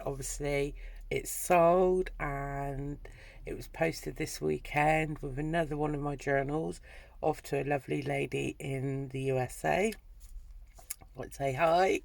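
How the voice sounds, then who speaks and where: A woman with a Dorset accent chatting warmly to camera as a craft vlogger, full of ums and restarts. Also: low voice, gravelly, dry recording. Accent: Dorset English. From Dorset, England. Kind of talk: casual chat to camera.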